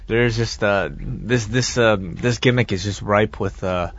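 Low-voiced man chatting hesitantly. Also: dry recording, dull audio. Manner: hesitant, halting with many fillers. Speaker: podcast co-host. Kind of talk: casual chat.

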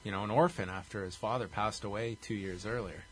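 Male host, husky tone, detailed casual recap. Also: on the low side, a little fast, a bit bright. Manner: recaps events in detail, briefly acts out quotes. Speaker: podcast host. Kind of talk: casual chat.

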